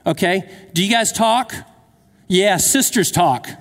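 A man's voice: high-pitched, lively intonation, slow. A man in his fifties preaching a sermon, telling a personal story and asking the crowd questions, with jokes along the way. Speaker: pastor. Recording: long hall reverb.

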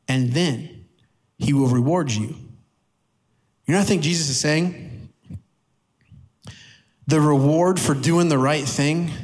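A pastor preaches to a church audience in an animated, emphatic style, slowing down and speeding up for emphasis. His voice is on the high side.

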